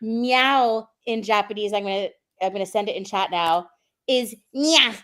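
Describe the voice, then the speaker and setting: A woman's voice: medium pitch, unhurried, a bit bright. A woman co-hosting an online show in a casual, bubbly way, talking over a call. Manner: bubbly and chatty, acts out animal sounds. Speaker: co-host.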